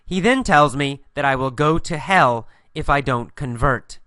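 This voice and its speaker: A man teaching an English listening lesson, telling a mini story and repeating each line slowly and clearly for learners. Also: medium pitch, animated, pushed and bright, no room sound, clean studio sound. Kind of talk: guided story narration with instructions.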